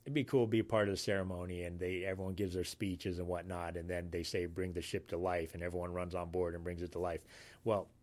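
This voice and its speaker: Low-voiced rambling man from Alaska. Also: level tone, a little mellow. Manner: rambling, halting, many fillers. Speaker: Navy sailor telling a story. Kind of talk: casual spoken anecdote.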